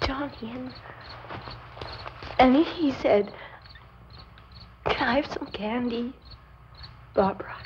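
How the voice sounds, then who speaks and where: Young woman in shock from an old horror flick, high and slow, halting and tearful, dull hiss. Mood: dazed. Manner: dazed, halting recollection breaking into sobbing pleas. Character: young woman in shock, grieving her brother. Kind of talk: 1960s horror film acting. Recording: dull, hissy old film soundtrack.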